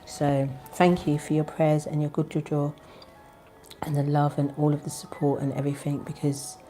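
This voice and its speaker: A woman hosting her own spiritual channel. She chats casually with viewers and leads a spoken prayer, keeping her voice soft and low. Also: soft background music. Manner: deliberately soft, low-volume talk; chatty and animated, with bursts of laughter. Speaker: spiritual channel host and tarot reader.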